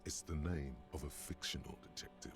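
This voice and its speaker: A man voicing the deep, gravelly, stern male narrator of a game. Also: steady tone, normal speed, faint music behind. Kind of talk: reading game narration aloud.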